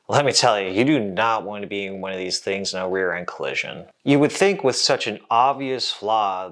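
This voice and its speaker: A man hosting an educational science vlog, explaining in a casual, jokey way with asides to the viewer. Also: lowish voice. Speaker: host.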